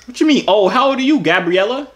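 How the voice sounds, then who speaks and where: A man's voice: extremely high pitch, lively intonation, fast, a bit bright. Joking young man with a New York accent. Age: 20s.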